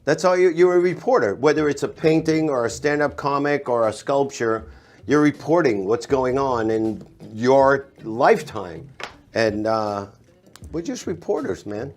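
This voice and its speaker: A middle-aged man with a Boston accent, a stand-up comedian in casual chat, telling animated stories and laughing at his own jokes. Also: mid-range voice, measured pace. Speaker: comedian guest.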